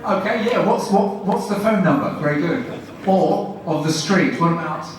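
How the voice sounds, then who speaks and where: Male trainer demonstrating lessons, brisk and encouraging, higher pitch, recorded far back in a roomy lecture hall with faint noise. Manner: brisk questioning with quick praise. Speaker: guest lecturer and teacher trainer. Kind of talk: demonstrating classroom teaching to an audience. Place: university lecture room. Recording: echoey room from a distant mic.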